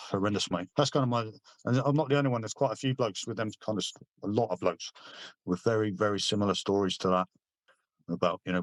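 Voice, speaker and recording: Blunt sweary veteran, low voice. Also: male voice, a bit bright, dry recording. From Britain. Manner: blunt, sweary, halting with restarts. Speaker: army veteran guest. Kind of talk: casual interview storytelling.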